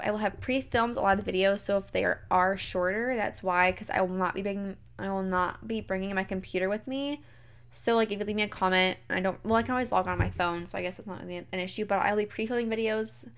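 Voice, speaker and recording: Young woman, bubbly let's-play host, rambling chatty delivery full of "like". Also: mid-range voice. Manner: chatty and bubbly, heavy use of "like". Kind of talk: casual gameplay commentary.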